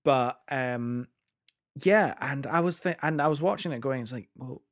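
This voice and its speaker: A man's voice: mid-range voice, normal speed. A young man from England chats about theatre on a podcast. He talks eagerly and trips over his words as he goes, with a mid-range voice. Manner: enthusiastic, chatty, self-interrupting. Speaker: podcast co-host. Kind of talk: casual chat about a musical.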